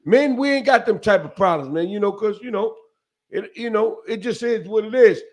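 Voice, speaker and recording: A man with a notably high voice tells a story in a relaxed podcast conversation. He is animated and streetwise, with salty language. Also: moderate pace. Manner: animated, profane, streetwise, acts out quotes. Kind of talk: casual storytelling chat.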